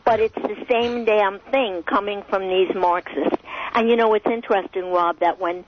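A woman's voice: medium pitch, fairly even intonation, moderate pace. A woman guest giving scornful, emphatic political commentary on a talk show, over muffled radio audio.

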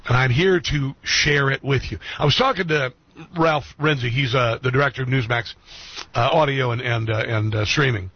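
A man's voice: mid-range voice, normal speed, husky, highs cut off. A middle-aged man hosting a talk radio show, speaking earnestly to his listeners and repeating key phrases for emphasis. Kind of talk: heartfelt monologue to listeners. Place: radio studio.

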